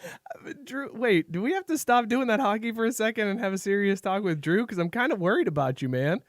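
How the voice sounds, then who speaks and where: A man's voice: sits high, animated, a little fast, no room sound. A man co-hosting a sports podcast, leading the segments with casual chat and frequent laughter. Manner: laughs often, leads segments. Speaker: podcast co-host.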